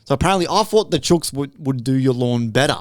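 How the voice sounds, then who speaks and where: A man's voice: mid-range voice, animated, quick pace, no room sound, clean studio sound. A young man telling rambling, swear-filled stories on a casual podcast. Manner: rambling storyteller, heavy swearing. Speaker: podcast co-host.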